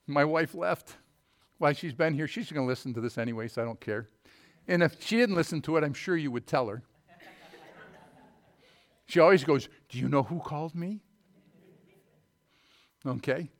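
Casting note: middle-aged male pastor, slightly higher voice, homespun humor, swells to booming scripture reading. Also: moderate pace, pauses often. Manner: folksy storytelling, rising to loud emphatic scripture reading. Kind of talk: sermon.

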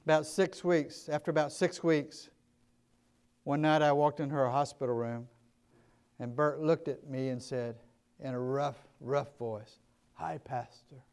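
A male pastor with a Southern US accent telling stories in a sermon, earnest and emphatic, moving between quiet and loud passages. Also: fairly high pitch, fairly even intonation, a little slow, smooth. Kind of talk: sermon storytelling.

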